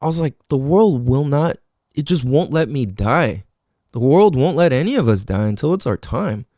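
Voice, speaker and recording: A man's voice: medium pitch, animated, normal speed, dark tone, dry recording, clean studio sound. A man hosting a podcast, telling a story casually and swearing a lot. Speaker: podcast host.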